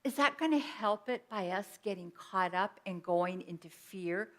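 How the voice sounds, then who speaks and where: A woman's voice: mid-range voice, expressive, measured pace. A woman minister giving an earnest, personal sermon in a conversational teaching style with everyday examples.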